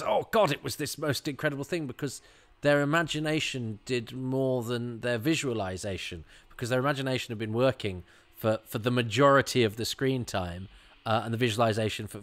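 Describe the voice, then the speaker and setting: A man giving a chatty, rambling watch-along commentary on an episode, full of restarts and animated asides. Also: medium pitch.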